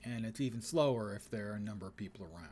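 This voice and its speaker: A man's voice: on the low side, fast talker, darkish tone, a little hiss or hum. A man streaming a game, commenting casually with dry sarcasm and playful wordplay.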